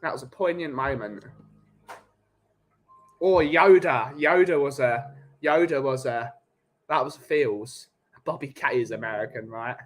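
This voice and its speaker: A man with a London English accent, hosting a relaxed coffee chat stream and bantering jokily with his live chat. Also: mid-range voice, unhurried, long pauses, rough recording. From England. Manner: jokey, rambling banter.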